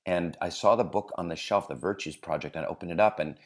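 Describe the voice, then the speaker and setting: A man's voice: sits low, quick pace. A man hosting a podcast interview, enthusiastic and feeling his way through his questions. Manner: enthusiastic, searching for words with fillers. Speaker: podcast host. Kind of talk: interview conversation.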